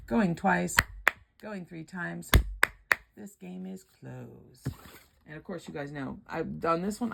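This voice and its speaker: A woman's voice: low-pitched, creaky, heavy background noise. An older woman chatting casually and rambling at home while scratching lottery tickets, laughing often.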